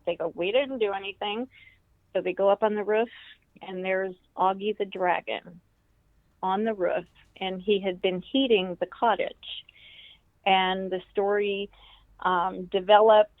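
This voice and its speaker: An older woman, a grandmother and author, telling a story as a podcast guest, lively and acting out the voices she quotes. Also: mid-range voice, no echo. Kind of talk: storytelling in an interview. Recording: tinny phone-like line, dry.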